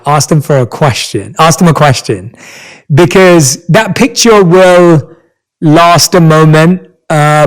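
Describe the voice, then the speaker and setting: A man's voice: on the high side, rough recording. A man hosting a podcast interview, asking questions in an enthusiastic, affirming way. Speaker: podcast host. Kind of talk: conversational interview.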